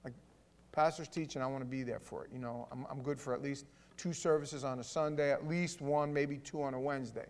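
A man pastor giving a conversational sermon with stammering restarts, swelling into loud fervor. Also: mid-range voice, fairly even intonation, fairly quick.

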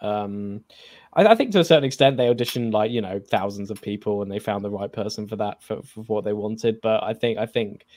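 A man's voice: lowish voice, fairly quick, darkish tone. An English man co-hosting a podcast, chatting casually about a film with many fillers and restarts. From England. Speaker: podcast co-host.

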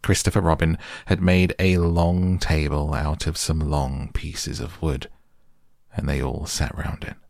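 Brief: a man reading a children's storybook, unhurried and gentle, very deep voice with a gravelly edge. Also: no echo, clean studio sound. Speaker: narrator.

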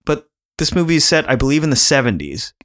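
A man's voice: fairly high pitch, very animated, fast talker, fairly bright tone. A man co-hosting a casual podcast, talking in a chatty, rambling way and laughing often. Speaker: podcast co-host.

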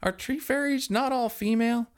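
A man voicing a brash, foul-mouthed young party host in a high, shouty, exasperated voice. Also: moderate pace, smooth.

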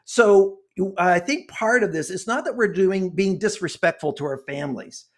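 Brief: impassioned older man, sixties, high voice, preachy interview guest. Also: moderate pace. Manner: impassioned, preachy, gets worked up. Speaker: guest author and consultant. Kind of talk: earnest interview talk.

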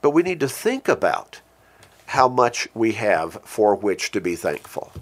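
A man preaching a sermon who speaks earnestly, repeats key phrases for emphasis, and slows down with a lifted voice when he quotes scripture. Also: on the low side, big pitch swings. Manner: slows and lifts his voice when quoting scripture.

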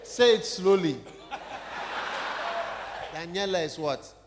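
A man's voice: sits high, lively intonation, slow, noisy background. A man preaching a sermon, talking conversationally and putting questions directly to the congregation in a church hall.

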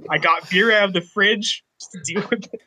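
A man playing a tabletop role-playing game, animated and excitable. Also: high-pitched, normal speed. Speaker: player. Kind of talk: tabletop role-play, casual chat.

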